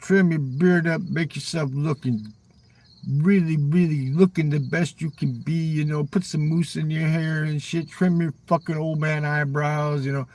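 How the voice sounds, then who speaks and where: A man's voice: fairly high pitch, fairly even intonation, normal speed, darkish tone. An older man rambling on a live stream, swearing constantly, ending his lines with "man" and talking back to chat viewers. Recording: voice a little far from the mic.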